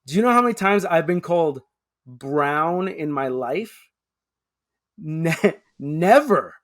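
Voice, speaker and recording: A man's voice: on the high side, expressive, normal speed, a bit bright. A man, a guest making emphatic points in a conversational interview and checking in with "right?" as he goes. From Queens, New York. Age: 30s. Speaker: guest, public affairs officer.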